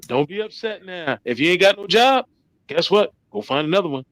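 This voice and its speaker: A man's voice: high-pitched, lively intonation, fairly quick, a bit bright, no room sound. A man co-hosting a casual podcast chat, blunt and lecturing, repeating his points. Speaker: podcast co-host.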